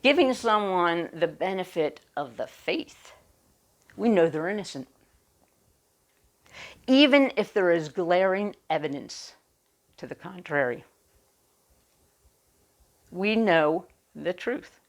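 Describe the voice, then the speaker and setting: A woman minister giving a sermon, speaking deliberately with emphatic pauses. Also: lowish voice, expressive.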